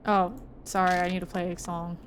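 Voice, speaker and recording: A woman's voice: fairly quick, slight background noise. Chatty woman streamer rambling. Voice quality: naturally low, relaxed speaking voice. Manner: rambling, filler-heavy, chatty. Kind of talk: casual gameplay commentary.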